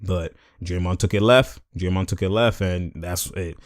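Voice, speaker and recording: In a low-pitched voice at a moderate pace, a young vlogger offers casual commentary on a basketball clip. He speaks in slang and animatedly acts out what the players said, recorded with studio quality and no room sound.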